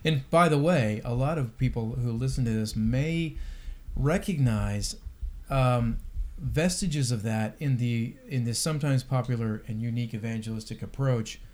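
A man's voice: mid-range voice, normal speed, darkish tone. A man co-hosting a podcast, talking through philosophy in a thoughtful, wry way with many restarts. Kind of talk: casual discussion of apologetics.

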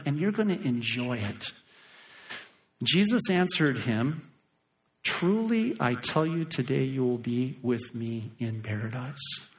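A middle-aged man preaching a sermon as pastor, animated and acting out voices for emphasis. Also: a little high.

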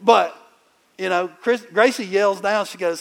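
A middle-aged man preaching in a conversational, animated storytelling way, with sudden loud bursts. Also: high voice, a little slow, vocal fry. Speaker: pastor. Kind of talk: sermon.

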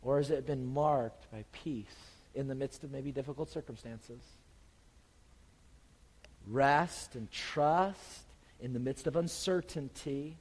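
A man preaching a sermon as pastor, swinging from urgent, raised emphasis to quiet, soft reassurance. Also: medium pitch, slow pace, pauses often, slightly rough, big-room sound, rough recording.

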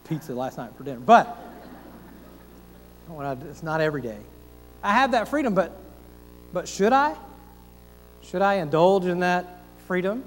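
A man's voice: fairly high pitch, in a large hall, slight background noise, low-quality recording. A man pastor preaching a sermon, earnest and folksy, asking rhetorical questions and making self-deprecating asides.

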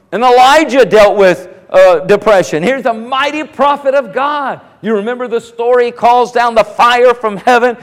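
Man, pastor, sermon, high voice, long hall reverb. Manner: preaching, slows and rises on scripture quotes.

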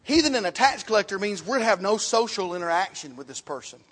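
A man whose voice sits high speaks fast, very animated and a bit bright, as he leads a church Bible class. He quizzes the class and repeats his points at the board, and the hall gives a long reverb.

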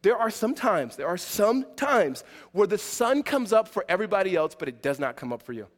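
A man in his forties preaching a sermon in a conversational way, with many fillers and restarts, moving between loud emphasis and quiet asides. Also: high-pitched, very animated, fairly quick, hardly any pauses, long reverb tail. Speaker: pastor.

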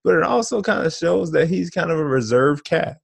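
Gravelly laid-back man chatting. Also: on the high side, expressive, fairly quick, no echo. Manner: laid-back slangy, laughs often. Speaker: podcast co-host. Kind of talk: casual chat.

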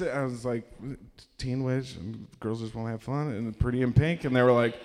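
Young male comic, self-mocking storyteller, mid pitch, live room with lingering reverb. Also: steady tone, fairly quick, a little mellow. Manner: rambling, self-mocking, acts out quotes in raised voices. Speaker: stand-up comedian. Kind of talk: stand-up storytelling. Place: live comedy venue.

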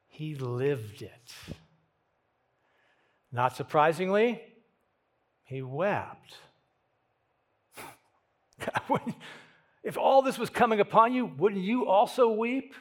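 A man preaching a sermon, moving from hushed lines to emphatic ones and repeating words as he thinks aloud. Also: sits high. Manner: dramatic swings from hushed to emphatic. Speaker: pastor.

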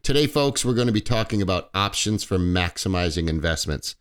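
A man hosting a financial radio show, slightly stuffy, explaining retirement investing in a relaxed way with fillers and small self-corrections. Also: deep voice, fairly quick, smooth. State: a little stuffy. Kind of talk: conversational radio talk.

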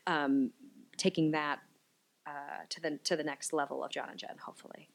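A middle-aged woman, a musical theater performer, chatting excitedly as a guest and laughing often. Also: low-pitched, moderate pace, gravelly. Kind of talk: casual chat.

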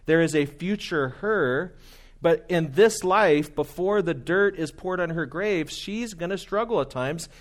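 A man's voice: a little high, a little slow. A man preaching a sermon in an earnest, conversational way, often quoting hymns and older writers. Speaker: pastor.

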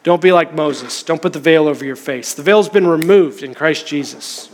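High-voiced man preaching in a hall. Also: normal speed, a little hiss or hum. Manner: storytelling, conversational preaching. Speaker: pastor. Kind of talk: sermon. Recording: long reverb of a church hall.

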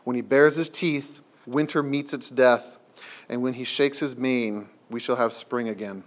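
A man's voice: medium pitch, fairly even intonation, measured pace, lightly acted. A man reading as a folksy gloomy beaver. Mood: eager. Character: gloomy earnest male beaver, talkative.

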